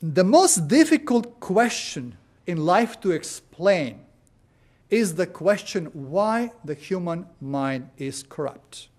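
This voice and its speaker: Man, high-pitched voice, sermon, storytelling, fillers. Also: big pitch swings, slow pace, a little mellow. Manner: storytelling, frequent "uh" and "you know". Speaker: preacher. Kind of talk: sermon with anecdotes.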